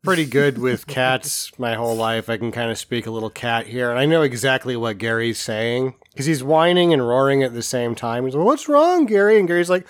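A man's voice: mid-range voice, brisk, few pauses, no room sound. A man chatting casually about a film, making wry remarks and swearing now and then. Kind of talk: casual movie chat.

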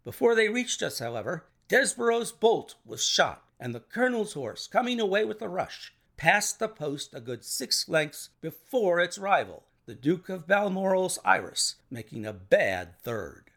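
Man reading a story, gravelly and lively. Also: high voice, a little slow, few pauses. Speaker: narrator.

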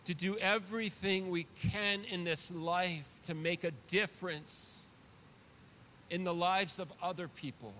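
A man's voice: sits high, steady tone, unhurried, pushed and bright, slight background noise. A man preaching a sermon as pastor, earnest and confessional, often repeating words as he builds a point.

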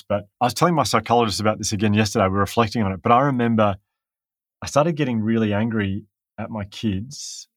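Man, middle-aged, podcast guest, quick candid storytelling, lowish voice, close dry sound. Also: dry recording. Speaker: author guest. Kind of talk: podcast interview.

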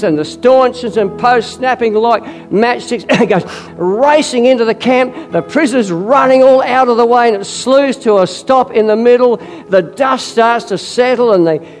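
A man with a very high voice preaches, recounting a story from wartime. Frequent coughs and throat-clearing break up his delivery as he climbs toward loud, forceful climaxes.

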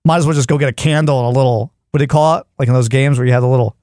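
Fast-talking animated male podcast host. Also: mid-range voice, dry recording, studio quality. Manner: animated storyteller, acts out yelling at devices. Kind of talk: casual chat, comic storytelling.

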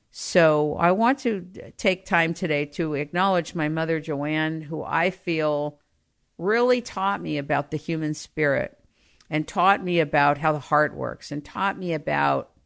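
A middle-aged woman telling personal stories, growing more animated as she goes. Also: deep voice, creaky. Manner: animated, grows livelier and louder as she tells anecdotes. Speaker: storyteller. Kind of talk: personal storytelling.

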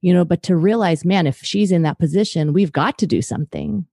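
A woman's voice: fairly low pitch, fairly quick, creaky, dark tone, slightly rough, no room sound, clean studio sound. A woman, a guest author on a podcast, talking earnestly about parenting and acting out bits of parent dialogue. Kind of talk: podcast interview.

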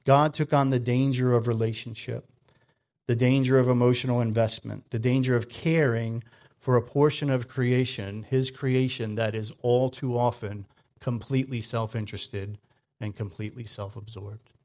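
A man giving a sermon in a conversational way, often checking in with "right?", moving between loud emphatic lines and quiet low asides. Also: fairly even intonation, moderate pace. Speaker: preacher.

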